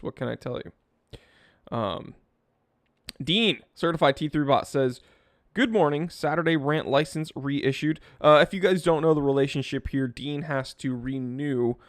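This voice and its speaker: A man hosting a casual live stream, reading viewer comments aloud and joking about himself in a lively, self-deprecating way. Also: mid-range voice, unhurried, no echo, clean studio sound. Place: home studio in California. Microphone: wearing headphones, close mic.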